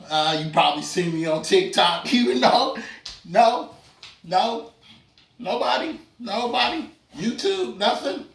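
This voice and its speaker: A man performs a loose, chatty stand-up set, full of fillers and side remarks to the audience. His voice is rather high and a little bright, recorded from a distance with roomy club acoustics.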